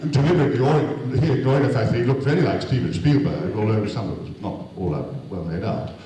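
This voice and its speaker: A man's voice: medium pitch, fast, warm tone. A man, an actor, telling a rambling, self-deprecating comic anecdote to an audience. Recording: echoey hall, distant mic, noisy.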